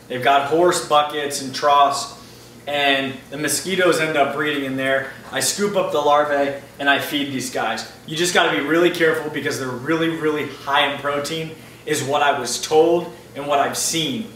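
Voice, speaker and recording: A man's voice: on the high side, steady tone, moderate pace, a bit bright, distant mic. A man answering viewer questions in a casual, upbeat video chat about his aquarium. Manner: chatty, upbeat, loose and informal. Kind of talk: casual Q&A vlog. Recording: roomy echo, mic set back, faint ambient noise.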